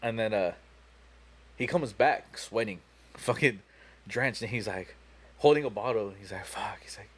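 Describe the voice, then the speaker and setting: A man's voice: on the low side, a little slow, long pauses. A young man on a podcast telling a long, profane story in a rambling way, full of "you know" and "like.". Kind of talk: casual storytelling chat.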